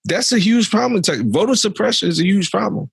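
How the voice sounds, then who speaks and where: A man's voice: sits high, animated, quick pace, creaky, husky, dry recording. A young adult man co-hosting a podcast, ranting animatedly about politics in exasperated casual commentary. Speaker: podcast co-host.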